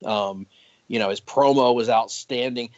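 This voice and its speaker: A man telling stories in a casual podcast chat, his voice rising and falling in an animated way, with a laugh never far off. His sentences often restart as he goes. The audio is dry and a little muffled. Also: medium pitch, unhurried, dry recording. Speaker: podcast guest.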